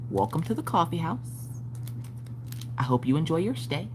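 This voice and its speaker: Lively, animated woman telling a story. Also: deep voice, moderate pace, long pauses, slight background noise. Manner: animated, exaggerated, swears freely; acts out family members' voices. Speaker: craft stream host. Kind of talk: casual storytelling to a live chat.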